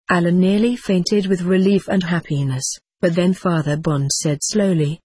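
A narrator reading an audiobook in a steady, measured way. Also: medium pitch, husky, no room sound.

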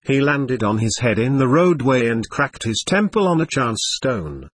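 A man's voice: mid-range voice, sing-song, unhurried, slightly rough, no echo. A man voicing a weary, dying convict silversmith who tells his story in a weak, bitter way.

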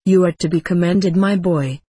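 A reader voicing a stern elderly male abbot who grunts and speaks in halting, grave approval. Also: medium pitch, dark tone, breathy edge, no room sound, lightly acted.

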